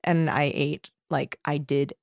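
Young woman, low voice, dry mic, animated chatty storyteller who swears freely. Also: slow pace, creaky, no echo. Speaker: podcast co-host. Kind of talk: casual chat.

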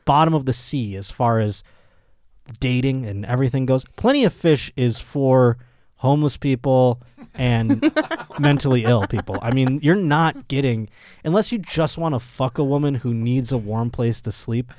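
A man's voice: mid-range voice, normal speed, a little mellow. Man hosting a laughing, crude news podcast. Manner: laughs often, crude jokes, mocking asides; puts on voices for quoted people. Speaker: podcast host. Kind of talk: casual comedic news commentary.

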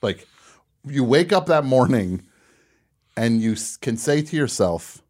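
A man hosting a radio show, telling a comic story in a casual, animated way and laughing at his own punchlines. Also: medium pitch, a little slow.

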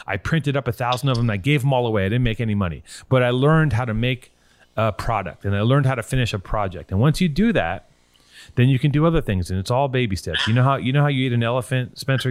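A man hosting a call-in show, giving blunt, profane motivational talk and telling stories with animated energy. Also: medium pitch, quick pace, slight background noise.

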